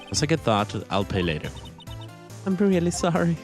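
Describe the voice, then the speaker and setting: A man's voice: fairly high pitch, sing-song, moderate pace, soft background music, pitched above the performer's own voice. A man voicing an earnest young male lawyer, talking in a hesitant, stammering way.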